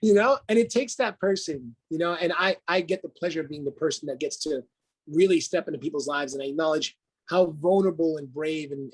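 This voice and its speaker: A man talking as a guest on a podcast: an energetic life coach who speaks in a motivational way, swears freely and laughs often. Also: fairly high pitch, husky, low-quality recording. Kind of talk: casual podcast conversation.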